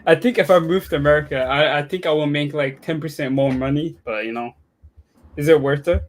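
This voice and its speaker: A young man with a Swedish accent talking casually as a student guest, halting, restarting his sentences and speaking bluntly. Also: a little high. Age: young adult. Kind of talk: casual chat.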